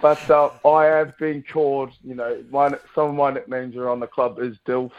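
A man's voice: mid-range voice, steady tone, normal speed, muffled recording, a little hiss or hum. A man in his thirties with a New Zealand accent, chatting casually as a radio guest with plenty of fillers. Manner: laid-back, chatty, lots of fillers. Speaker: guest rugby player.

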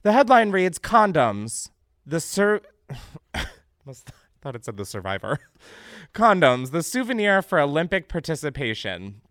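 Young male podcast host, sarcastic and foul-mouthed, pitch jumping all over, dry close sound. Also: a little slow, pauses often, no echo. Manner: animated, sarcastic, swears freely, breaks into laughter. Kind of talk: casual comedic news chat.

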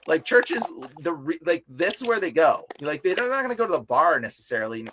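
A young man chatting casually on a podcast as a deliverance minister, telling animated stories full of filler words. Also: a little high, brisk. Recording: noisy live recording with clicks.

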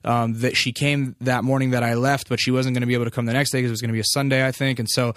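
A man's voice: mid-range voice, flat delivery, racing, fairly bright tone, no room sound, clean studio sound. Candid man telling a family story. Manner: loose and candid, filler-heavy, swears freely. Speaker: vlogger. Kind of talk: casual personal storytelling.

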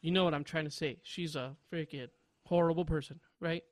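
A man's voice: fairly high pitch, fairly even intonation, fairly quick, no echo. Rambling young man telling stories on a podcast. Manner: rambling storyteller, laughs loudly at own jokes. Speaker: podcast co-host. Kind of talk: casual podcast chat.

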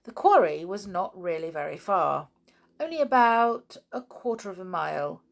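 A woman's voice: lowish voice, expressive, moderate pace, vocal fry. A woman reading a children's book aloud, with chatty asides to her listeners. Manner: chatty, informal asides between passages. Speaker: storyteller.

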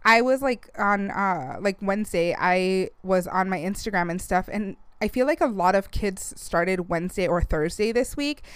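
A woman's voice: mid-range voice, lively intonation, normal speed, hardly any pauses, smooth, no echo. A woman in her thirties hosting a casual podcast, chatty and close to tears, slipping Spanish phrases into her talk. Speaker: podcast host. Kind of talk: casual chat.

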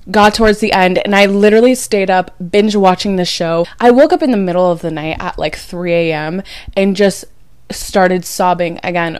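A young adult woman hosting a casual podcast as a dating coach, chatty, emphatic and confiding, sounding low and drained after a night of crying. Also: smooth, dry recording, clean studio sound. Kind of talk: casual chat.

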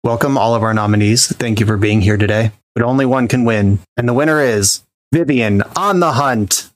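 A man's voice: mid-range voice, moderate pace. A man presenting an award as a playful mock live news report.

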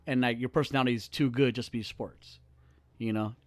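A man's voice: medium pitch, fairly even intonation, a little fast, no room sound. A young man hosting a podcast, chatting casually, joking and swearing freely in a small studio. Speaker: podcast host.

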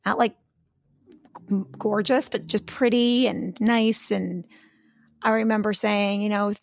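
A woman's voice: medium pitch, steady tone, measured pace, gravelly, no echo. A woman co-hosting a podcast in casual, rambling chat, full of fillers and restarts. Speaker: podcast co-host.

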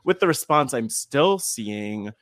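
A man's voice: mid-range voice, expressive, slow pace, a bit bright. A young man co-hosting a podcast, talking in an earnest, chatty way with playful jokes. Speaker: podcast co-host. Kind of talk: casual podcast chat.

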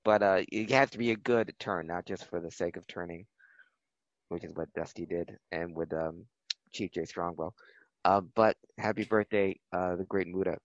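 A man co-hosting a wrestling podcast, telling history in a relaxed way with many fillers and restarts. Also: low-pitched, normal speed, no echo, highs cut off. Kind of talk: casual chat.

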